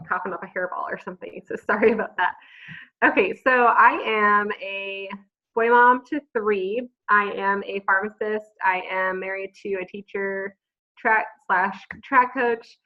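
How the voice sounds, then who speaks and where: A woman, a pharmacist and mother, telling her personal story earnestly on a group call from home, with many pauses and fillers. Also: medium pitch. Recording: dull lo-fi call audio.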